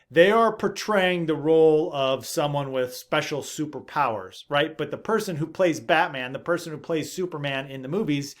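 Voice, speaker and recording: Earnest man giving parenting advice. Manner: earnest, emphatic, dropping low for asides. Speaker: parenting video host, father of seven. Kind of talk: direct-to-camera advice talk.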